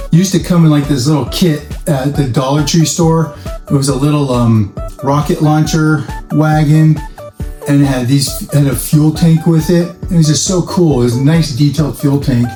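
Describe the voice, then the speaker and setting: A man's voice: on the high side, moderate pace, mellow. A man hosting a casual workshop vlog about building models from scrap, chatty, rambling and self-amused. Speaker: toy-scrap model builder, channel host. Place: home workshop at a workbench. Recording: echoey room with faint music.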